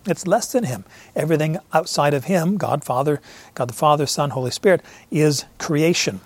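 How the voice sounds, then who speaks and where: A man's voice: a little high, moderate pace, dry recording. A man preaching a sermon to his congregation, earnest and emphatic, repeating key phrases and often restarting mid-sentence. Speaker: pastor.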